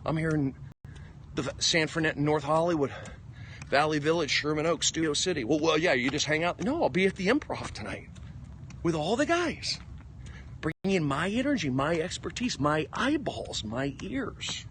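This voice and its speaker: A man's voice: fairly high pitch, normal speed, slight background noise. A man, a stand-up comedian, rambling emphatically in a livestream monologue as he walks outdoors. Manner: excitable, emphatic, jumping between topics. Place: outdoors on a walk. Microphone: phone.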